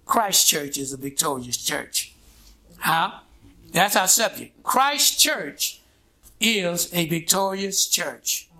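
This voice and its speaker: A man's voice: high-pitched, lively intonation, slow, bright, forceful tone. A man preaching a sermon in a call-and-response style, prodding his congregation with "what?" and "huh?" and waiting for them to answer. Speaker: pastor.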